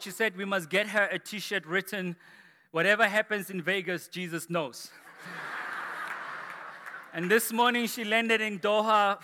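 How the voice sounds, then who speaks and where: A man preaching a sermon as pastor to his church, energetic and rising to shouts, from South Africa. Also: sits high. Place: large church hall. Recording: echoey church hall.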